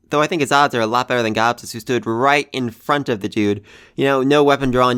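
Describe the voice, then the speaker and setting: A man reviewing an anime episode, talking in an animated way that swings from hushed sighs to loud exclamations. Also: medium pitch, a little fast, smooth.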